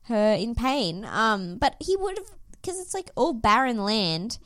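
Speaking slowly in a fairly high voice, this woman co-hosts a casual recap podcast on a reality dating show. She's lively, quick to laugh and swears freely, captured in clean studio sound with no room noise.

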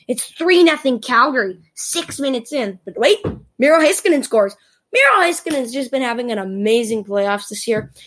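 A woman excitedly recapping a hockey game in a playful, teasing monologue, exclaiming often. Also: sits high, rough recording.

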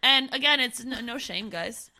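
A Canadian woman co-hosting a casual podcast, joking and frank, her voice raspy from being sick. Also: fairly high pitch, moderate pace, bright, forceful tone. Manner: joking, frank, laughs often. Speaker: podcast co-host. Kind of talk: casual chat.

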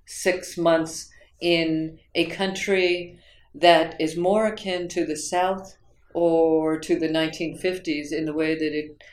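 A woman's voice: sits low, level tone, slow pace. A woman from the United States, interviewed about her teaching, rambling along with fillers and restarts. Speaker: interviewee, writing instructor. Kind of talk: reflective interview storytelling. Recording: roomy echo.

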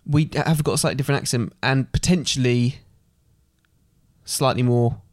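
A man's voice: medium pitch, fairly even intonation, normal speed, darkish tone, dry recording, studio quality. A young man with an Essex estuary accent, co-hosting a podcast in a chatty, teasing way, often hesitating with ums. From England. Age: young adult. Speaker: podcast co-host. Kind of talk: casual chat.

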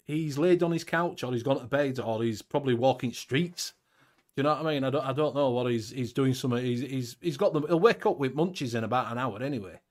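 A man's voice: medium pitch, fast. A man with a Northern English accent hosting a casual livestream chat, swearing freely and chuckling as he talks. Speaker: host.

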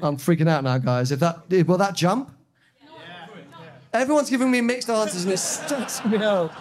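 Chatty man, higher voice. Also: moderate pace. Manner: chatty, laughing, jokey storytelling. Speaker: podcast co-host. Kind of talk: casual chat before a live audience.

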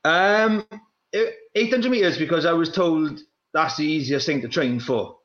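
A young man, a former runner, talking in a casual chat, restless and repeating himself in quick bursts. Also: on the high side, a bit bright. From Wales. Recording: roomy, dull lo-fi sound.

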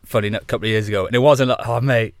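A man's voice: mid-range voice, fairly even intonation, rapid-fire, no echo. A man from Wales chatting casually as a podcast guest, laddish and laughing, full of slang.

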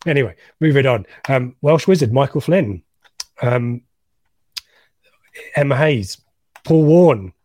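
A man co-hosts a casual live stream, reading viewer comments aloud with lots of ums and restarts. His voice sits at an ordinary pitch. The sound is dry and close. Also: unhurried, pauses often, darkish tone, no room sound. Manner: rambling, many ums, reads names aloud. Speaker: co-host of a live fan stream.

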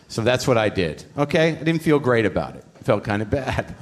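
Guy on stage at a live comedy show, swearing a lot and ribbing himself, mid-pitched voice. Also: a little fast, few pauses, a little hiss or hum. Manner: animated, profane, self-deprecating storytelling. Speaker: podcast host and comedian. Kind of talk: live stand-up storytelling.

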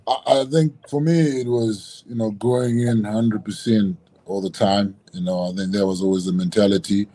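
Laid-back deep-voiced man, lots of fillers. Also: moderate pace. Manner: relaxed, laughs often, many "you know" fillers. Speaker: guest, former rugby prop. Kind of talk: casual podcast chat.

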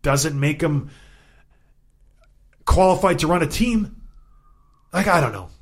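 Man, 30s, former hockey player, sports talk co-host, somewhat high voice, exasperated, repeats himself. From Canada. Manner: exasperated, animated ranting with repeated phrases. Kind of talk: casual sports chat.

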